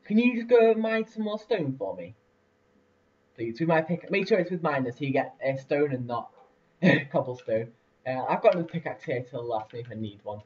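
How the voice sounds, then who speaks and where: Heard on a distant lo-fi mic, a young let's-play host rambles through casual commentary on a building game, full of fillers and laughter. His fairly high voice has lively intonation, a fairly quick pace and a darkish tone.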